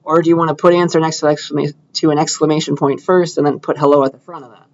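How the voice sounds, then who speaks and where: A man's voice: fairly high pitch, flat delivery, fast talker, a little mellow, dull audio. A young man giving a casual computer science lecture, talking students through a coding demo while he clicks. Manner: casual, chatty, thinking aloud while clicking through code. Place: lecture hall.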